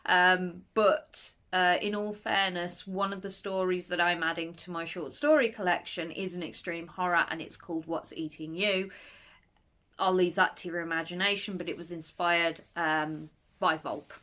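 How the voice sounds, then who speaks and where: A woman chats casually in a video book review at a moderate pace, animated and rambling. Nervous laughs and sudden high-pitched exclamations break up her talk.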